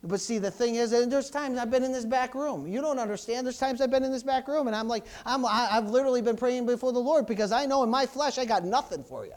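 High-voiced fervent preacher man. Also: fast talker, hardly any pauses. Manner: preaching with surges of loud fervor then dropping low. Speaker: pastor. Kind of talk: sermon.

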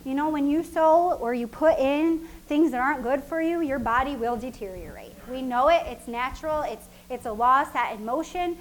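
A woman's voice: high voice, normal speed, hardly any pauses, low-quality recording. A woman preaching a sermon in a casual, conversational way that repeats its points and breaks into laughter. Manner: conversational and repetitive, with frequent laughs.

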